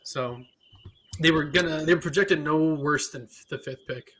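A man's voice: on the high side, moderate pace, over a noisy crowd. A man co-hosting a sports podcast, explaining things in a laid-back casual chat with many fillers. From Spokane area, Washington. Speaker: podcast co-host.

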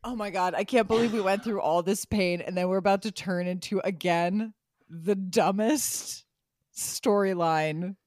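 A woman's voice: medium pitch, a little slow, darkish tone, no echo. A woman co-hosting a podcast, recapping a TV episode in a profane, riffing, casual comedic chat. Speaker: podcast co-host.

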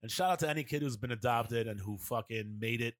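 A man's voice: mid-range voice, a little fast, dry recording, clean studio sound. A young man co-hosting a podcast in casual banter, joking crudely and chiming in. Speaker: podcast co-host.

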